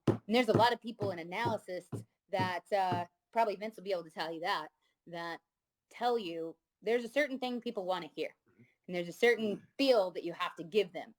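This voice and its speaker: Outspoken woman host, thirties, mid pitch, lively storyteller. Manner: candid, swears freely, animated storytelling. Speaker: podcast host. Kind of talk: casual chat.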